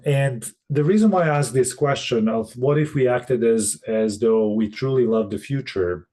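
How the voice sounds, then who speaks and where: A man presenting on a video call, talking in a halting way with many restarts and fillers. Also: mid-range voice, dark tone. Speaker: session facilitator. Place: room in Boston.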